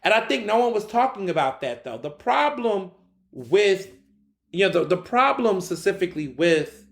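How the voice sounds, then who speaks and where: A fairly high-voiced man runs his solo podcast in a loose, animated style, with slangy asides aimed right at his listeners. His voice rings out in a roomy, echoing space. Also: normal speed, gravelly. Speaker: podcast host. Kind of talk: casual solo commentary.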